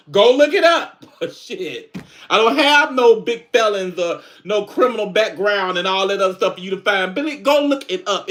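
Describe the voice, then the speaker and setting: A high-pitched man hosts a relaxed livestream from home, talking straight to his viewers. His chat is loose and laughing, recorded on a phone or webcam. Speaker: livestream host.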